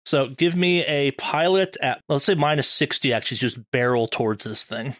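A man running a tabletop horror game as game master, narrating in a measured way with slow dramatic beats. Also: mid-range voice, animated, fairly bright tone, no room sound.

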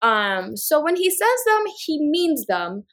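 A woman's voice: sits high, sing-song, a bit bright. A woman co-hosting a podcast, recapping a reality show in casual chat and acting out quotes from the cast. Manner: fast recapping with acted-out quotes. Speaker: podcast co-host.

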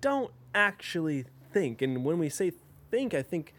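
A man's voice: on the high side, big pitch swings, unhurried, a bit bright, a little hiss or hum. A young man co-hosting a podcast in a casual chat, rambling and jokey with lots of swearing. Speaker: podcast co-host.

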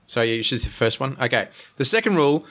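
A man's voice: medium pitch, big pitch swings, fast talker, fairly bright tone. A man hosting a casual podcast game, playful and teasing, laughing often. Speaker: game show host.

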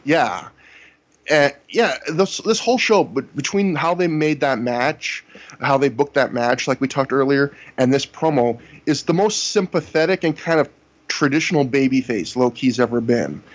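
Guy on a podcast just recapping stuff, lots of "you know", middle pitch. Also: expressive, normal speed. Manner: recaps events at length with frequent "you know". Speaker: podcast co-host reviewing wrestling shows. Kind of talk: casual chat.

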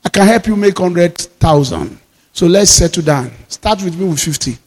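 A Nigerian man preaching a sermon as pastor, with fervent declarations that rise into shouts. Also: sits high, lively intonation, normal speed, big-room sound.

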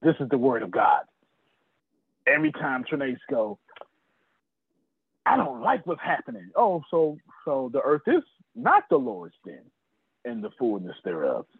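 Fiery husky-voiced man preaching sales. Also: mid-range voice, wildly swooping pitch, moderate pace, dry recording. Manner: fiery, talks straight to listeners by name, swears. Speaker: sales trainer. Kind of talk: animated preacher-like teaching. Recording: tinny phone-like video call audio.

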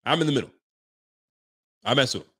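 A man's voice: mid-range voice, breathy edge. Hyped-up guy on a sports stream, swearing, laughing a lot, voice jumps all over. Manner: excitable, swears, laughs often, fast slangy talk. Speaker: live-stream sports talk host. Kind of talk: casual live-stream chat reading viewer comments.

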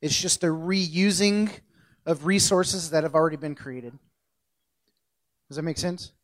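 A man's voice: a little high, measured pace. A man preaching a casual, conversational sermon, joking at his own slips and correcting himself as he goes. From central United States. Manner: jokey, self-correcting, loosely conversational.

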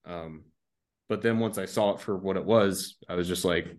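Laid-back low-voiced male storyteller. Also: moderate pace. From United States. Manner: rambling, laid-back, laughs through his stories. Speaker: podcast guest, army veteran. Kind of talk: casual anecdotal storytelling.

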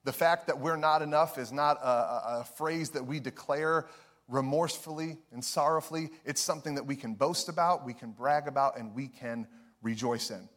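A young man preaching a sermon, telling a story with animated energy, often laughing. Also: mid-range voice, normal speed. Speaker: pastor.

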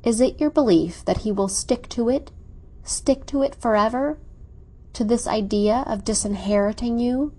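A woman reading as a smooth, scheming young suitor. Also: on the high side, moderate pace, dark tone, voice pushed up, close to an everyday voice. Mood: persuasive. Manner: smooth, persuasive, probing.

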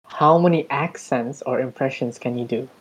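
A man's voice: mid-range voice, moderate pace, low-quality recording. A man hosting a podcast, easygoing and laughing along in casual chat. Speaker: podcast host.

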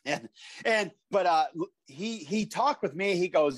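High-voiced man telling animated stories. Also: unhurried, no room sound. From Iowa, USA. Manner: animated storyteller who acts out voices. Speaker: podcast guest, former pro wrestler. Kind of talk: casual interview storytelling.

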